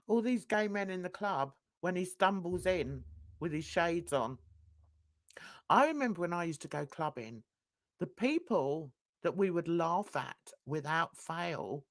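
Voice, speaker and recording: A middle-aged woman, hosting a live reaction stream with scornful, laughing commentary. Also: lowish voice.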